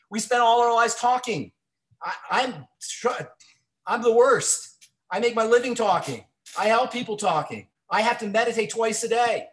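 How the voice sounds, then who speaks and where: A man's voice: high-pitched, fairly bright tone. A man hosting a radio health show, giving earnest, encouraging advice to callers in a Q&A.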